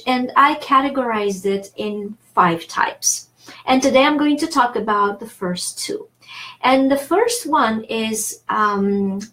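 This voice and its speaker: A middle-aged woman gives an online language lesson. Her voice sits a little high, and she explains in a lively, talkative way. She breaks in now and then with self-aware asides. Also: poor audio. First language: French. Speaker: French teacher.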